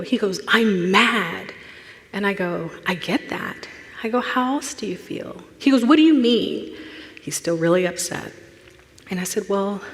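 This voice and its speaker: A woman, a therapist speaking at a church, telling a personal story and acting out the voices in it, dropping to a hush at tender moments. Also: medium pitch. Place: church sanctuary. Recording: long hall reverb.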